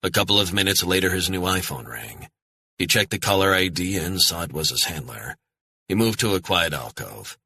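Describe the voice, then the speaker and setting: A low, husky male voice reading a dark thriller audiobook with grim, measured delivery. His tone is bright and forceful despite the depth. The sound is dry and close to the mic. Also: very animated, dry recording. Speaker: audiobook narrator. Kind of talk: scripted thriller narration.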